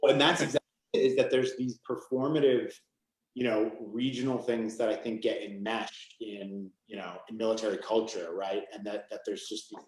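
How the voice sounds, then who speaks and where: A man's voice: on the low side, darkish tone, reverberant, poor audio. A man from Maine, an author guest, speaking in a rambling, casual way full of "you know" and "like" on a video call. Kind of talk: casual conversation.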